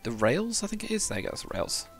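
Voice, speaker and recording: A man's voice: a little high, sing-song, fast, gravelly, faint music behind. British man chatting on a live stream. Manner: rambling, swears, chats with viewers. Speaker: livestreamer. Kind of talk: casual live-stream chat while building.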